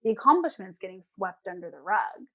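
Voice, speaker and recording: A woman's voice: medium pitch, brisk. A woman, an emotional eating coach, giving advice as a guest in a casual interview and acting out her clients' voices. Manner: animated, acts out clients' voices.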